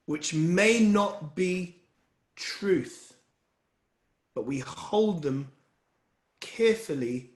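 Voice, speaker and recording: Earnest man with a higher voice in an echoey room. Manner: earnest and encouraging, addresses listeners directly. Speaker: wellbeing speaker leading a session. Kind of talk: motivational talk to a group.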